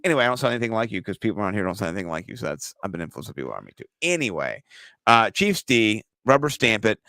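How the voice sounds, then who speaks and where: A man co-hosting a fantasy football show, joking, teasing and swearing casually. His pitch swings widely as he talks. The sound is close and dry. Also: very fast, no echo. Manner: joking, profane, animated banter. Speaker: podcast co-host.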